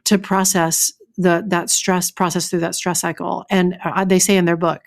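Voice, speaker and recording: A woman's voice: on the low side, little pitch movement, normal speed, gravelly, hardly any pauses. Chatty woman podcast co-host. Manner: chatty, with restarts and fillers; reads aloud from a book. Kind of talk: casual podcast chat.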